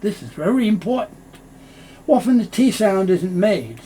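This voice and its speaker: Animated high-voiced man teaching pronunciation. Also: a little hiss or hum. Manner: explains slowly, repeats phrases to demonstrate. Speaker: English teacher. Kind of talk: pronunciation lesson.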